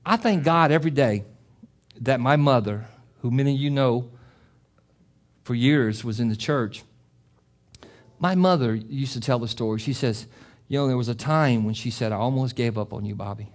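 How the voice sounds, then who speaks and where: A man's voice: mid-range voice, moderate pace, pauses often. Impassioned middle-aged male pastor preaching. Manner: impassioned, rising to loud emphatic peaks; repetitive, restarting phrases. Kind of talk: sermon with closing prayer.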